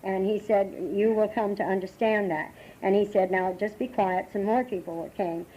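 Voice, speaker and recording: An older American woman sharing her recovery story at a meeting, halting and emotional, with many restarts, on a dull lo-fi tape from the 1980s. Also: mid-range voice, steady tone, warm tone, a little hiss or hum. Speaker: AA meeting speaker. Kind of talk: personal recovery talk.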